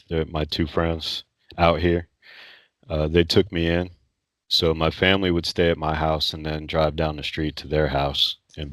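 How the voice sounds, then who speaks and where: A man's voice: a bass voice, fairly bright tone, no echo. A man who is a podcast guest, telling his own story in a candid, blunt, casual way and swearing freely.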